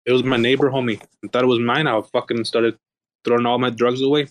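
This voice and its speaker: Fast-talking laid-back man. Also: mid-range voice, flat delivery. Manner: laid-back slang, swearing. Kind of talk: casual chat on a live audio space.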